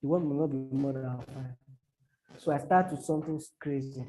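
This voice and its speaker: His mid-range voice is steady and dark in tone as he explains to a small audience how to write social media captions. He halts, repeats himself, and keeps stopping to give spoken examples.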